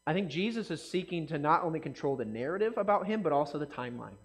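A man giving a casual, conversational sermon, animated and often asking his listeners questions. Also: a little high, fast talker. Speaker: pastor.

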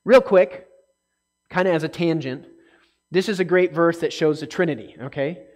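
A man teaching a casual Bible study, talking conversationally and checking in often with listeners, and getting animated when reading scripture aloud. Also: on the high side, normal speed.

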